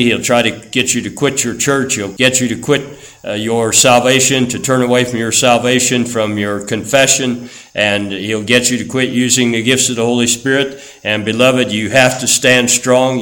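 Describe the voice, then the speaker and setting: A man's voice: mid-range voice, fairly bright tone, rough recording. A middle-aged man preaching a sermon as a pastor, fervent and emphatic, driving points home with repetition.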